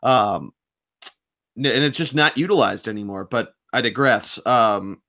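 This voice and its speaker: A man's voice: mid-range voice, a little slow, pushed and bright. A man co-hosting a sports podcast, talking in a nervous, rambling, self-deprecating way. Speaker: podcast co-host. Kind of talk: casual sports podcast chat.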